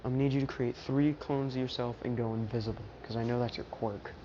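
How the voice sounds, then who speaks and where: A brash, confident young hero, as a man puts him on, protective and quick to tease. The voice sits mid-range with nothing put on, and the recording sounds dull and lo-fi with a faint hiss of the room behind. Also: mid-range voice, steady tone, dark tone, close to an everyday voice.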